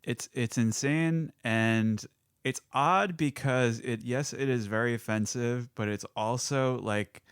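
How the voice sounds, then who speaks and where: A man guesting on a podcast, talking in a hesitant, halting way with many restarts. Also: medium pitch, smooth, no echo, studio quality. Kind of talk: casual podcast chat.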